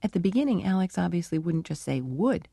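A middle-aged woman researcher answering interview questions and telling her work stories with lively, acted-out dialogue. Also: fairly low pitch, fast, creaky, no echo, studio quality. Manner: animated storytelling, acts out dialogue. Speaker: animal cognition researcher.

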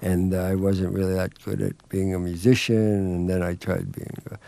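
Low gravelly-voiced man telling jokey stories. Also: level tone, normal speed, mellow. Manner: self-deprecating, rambling, joking with frequent laughs. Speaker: interview guest, TV writer and director. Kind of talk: casual interview storytelling.

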